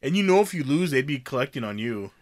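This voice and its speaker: A man chatting casually on a podcast, throwing in quick reactions and joking asides. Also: medium pitch, big pitch swings, no echo, clean studio sound. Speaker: podcast co-host. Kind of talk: casual chat.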